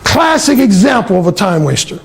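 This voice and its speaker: Blunt, animated man telling a story. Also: high voice, fairly quick, creaky. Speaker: dating coach and author. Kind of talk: casual storytelling monologue.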